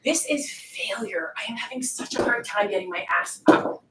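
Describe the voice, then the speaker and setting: High, lively woman coaching a workout. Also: moderate pace. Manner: joking, profane banter while exercising. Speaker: fitness coach. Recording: echoey room, distant mic, faint noise.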